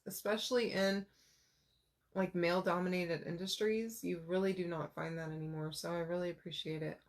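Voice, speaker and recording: A woman in her thirties chatting casually while crafting, telling rambling personal stories with lots of fillers. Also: lowish voice. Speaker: crafter vlogger.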